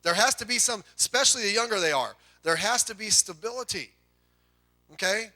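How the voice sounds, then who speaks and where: A middle-aged man preaching a sermon to a congregation, telling folksy family stories with quick asides. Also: high-pitched, expressive, sharp tone. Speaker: pastor.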